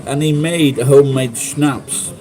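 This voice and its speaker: A man's voice: mid-range voice, a little slow, dark tone, low-quality recording. Sweary Sheffield man telling stories. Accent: Sheffield English. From England. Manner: rambling, sweary storytelling. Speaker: livestream host. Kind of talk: casual live chat.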